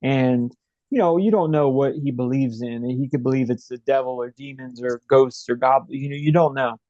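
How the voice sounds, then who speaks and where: A man's voice: mid-range voice, moderate pace, mellow, dry recording, lo-fi sound. Rambling man telling a story. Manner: rambling, many fillers and restarts. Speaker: interview guest. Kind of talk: casual storytelling interview.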